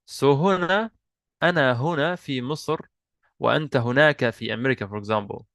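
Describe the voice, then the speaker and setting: Guy teaching an online class, mid pitch, dry close sound, keeps repeating himself patiently. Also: very fast, fairly bright tone, no echo. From Egypt. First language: Arabic. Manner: patient, repeats and restarts, switches between English and Arabic. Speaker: Arabic teacher. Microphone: video call mic.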